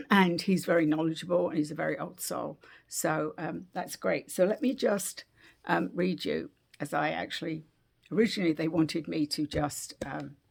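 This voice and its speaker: A British woman giving a gentle, unhurried spiritual oracle card reading at home, with frequent fillers and restarts. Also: deep voice, gravelly, breathy edge. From Britain.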